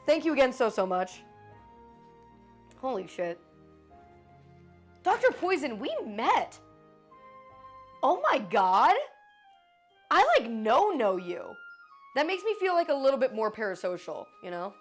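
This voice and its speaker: A woman's voice: fairly high pitch, big pitch swings, a little slow, pauses often, soft background music. Swearing woman streamer chatting with viewers. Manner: swears freely, jumps between joking and apologizing. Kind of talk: casual live-stream chat with viewers.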